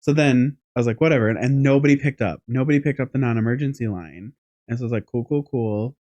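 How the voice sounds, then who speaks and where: A man co-hosts a casual podcast and spins a rambling story with animated energy and the odd curse word. His voice sits at an ordinary middle pitch. The sound is dry and close, with no room echo. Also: fast talker. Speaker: podcast co-host.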